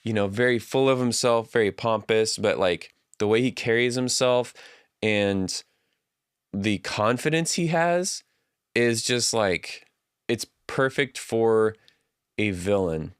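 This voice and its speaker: Low-voiced man chatting on a livestream. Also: slow pace, smooth, no echo, studio quality. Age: adult. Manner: chatty, reads viewer comments aloud. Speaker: livestream host. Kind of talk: casual livestream chat.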